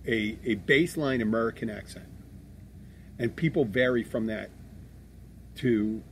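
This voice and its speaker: A man's voice: mid-range voice, measured pace, slight background noise. A man from Philadelphia co-hosting a podcast, talking casually and bluntly, with swearing and rambling restarts. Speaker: podcast co-host. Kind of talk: casual chat.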